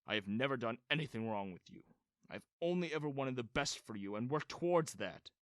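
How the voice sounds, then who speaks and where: A man voicing a stern, controlling father who speaks firmly and calmly. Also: medium pitch, brisk, no room sound, clean studio sound, close to an everyday voice.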